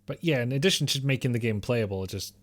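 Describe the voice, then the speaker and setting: A man's voice: mid-range voice, quick pace. A man streaming a game live, rambling casually and answering his chat with the odd mild swear.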